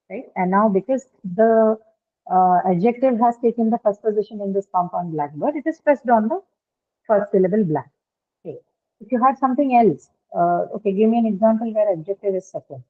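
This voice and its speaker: A woman's voice: mid-range voice, expressive, a little fast. A woman teaching an online phonetics lesson, asking frequent check questions and using many fillers. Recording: tinny phone-like call audio.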